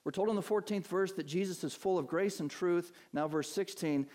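A man preaching a sermon as pastor. He poses questions to his listeners and answers them, drawing out key words and climbing higher and stronger when he drives a point home. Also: a little mellow. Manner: earnest preaching, rising in pitch and force for emphasis, slows on key words.

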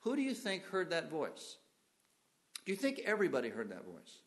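A male pastor preaching a sermon, putting questions to the congregation and swinging from loud emphasis to quiet, soft phrases. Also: fairly high pitch, huge pitch swings, moderate pace.

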